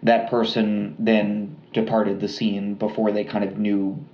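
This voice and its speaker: A man co-hosting a podcast, telling a true crime story in a relaxed, rambling way with lots of fillers and restarts. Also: fairly low pitch, measured pace, roomy sound, highs cut off. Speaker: podcast co-host.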